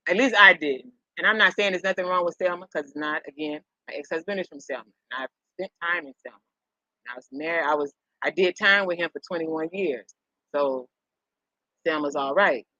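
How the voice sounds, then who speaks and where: Here a middle-aged live-stream host rambles as she talks with her audience, chuckling a lot and saying things more than once. Her deep voice comes across bright and forceful, and the dull, slightly lo-fi recording is dry with no echo.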